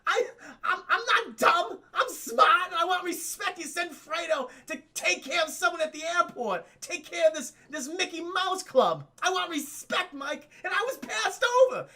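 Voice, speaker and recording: A man putting on the voice of an insecure grown man, whining high and shouting that he wants respect. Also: expressive, moderate pace, distant mic, full character voice. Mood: indignant. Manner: high strained shouty whine.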